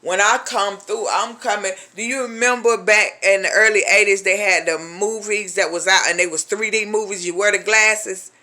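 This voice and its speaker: A woman's voice: medium pitch, steady tone, normal speed, few pauses, pushed and bright. A woman from a ministry giving personal testimony in an emphatic, colloquial way, addressing listeners as "honey" and acting out the voices of the people in her story.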